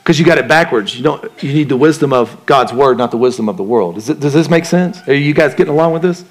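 A man's voice: mid-range voice, fast talker. A male pastor preaching a sermon in a conversational way, asking the congregation questions and acting out the voices in people's heads. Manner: conversational preaching, asks the crowd questions, acts out inner voices.

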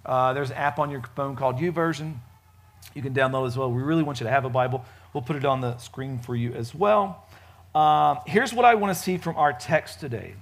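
A man preaching a casual sermon at a church service, chatty and joking, with frequent fillers and lively swings in loudness. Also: mid-range voice, fairly quick, gravelly. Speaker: pastor.

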